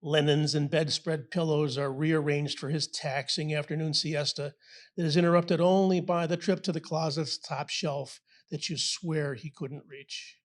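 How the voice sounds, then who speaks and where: A man reading his own descriptive poem aloud at a poetry event, measured and vivid. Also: on the high side, steady tone. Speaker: local poet.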